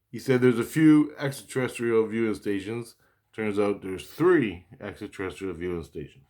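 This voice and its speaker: Man, low-ish voice, very slow delivery, casual rambling storyteller who repeats himself and swears a little. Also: darkish tone. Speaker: vlogger recounting spiritual experiences.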